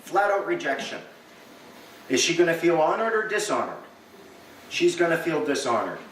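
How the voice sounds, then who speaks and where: A man giving a lecture to a live audience, animated and joking, acting out little dialogues as he goes. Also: a little high, moderate pace, slight background noise. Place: meeting room with an audience. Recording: echoey room, recorded from far off.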